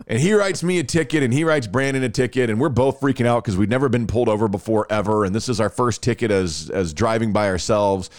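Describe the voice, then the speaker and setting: A man, hosting a podcast and telling a story in a casual, animated way, laughing often and restarting phrases. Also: medium pitch, quick pace, dry recording, studio quality. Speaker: podcast host.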